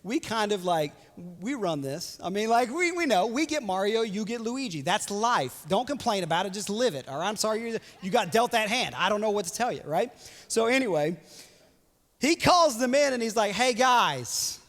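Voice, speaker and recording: A young adult man preaching a sermon as pastor, animated and joking, often slipping into playful voices for quotes. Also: high-pitched, moderate pace. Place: church hall. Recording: reverberant church hall.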